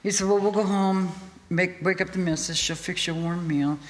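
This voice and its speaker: A woman guest in an interview, telling a story in a lively way, laughing often and acting out what people said. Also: fairly low pitch, moderate pace. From United States. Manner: animated, laughing storyteller who acts out quotes. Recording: hall reverb with faint music.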